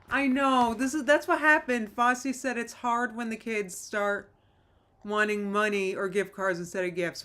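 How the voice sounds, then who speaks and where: A woman's voice: mid-range voice, fairly bright tone. Female streamer, casual rambling chat, sentimental, talks straight to viewers. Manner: rambling, reads chat comments aloud, restarts often; nostalgic and emotional. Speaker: livestream host.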